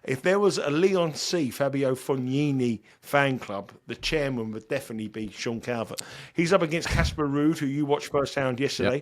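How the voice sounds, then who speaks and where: A man hosts a casual betting podcast in an ordinary, mid-pitched voice. He rambles and pokes fun at himself. He often trips over and repeats words. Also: moderate pace, hardly any pauses. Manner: rambling, self-deprecating, stumbles and repeats words. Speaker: podcast host.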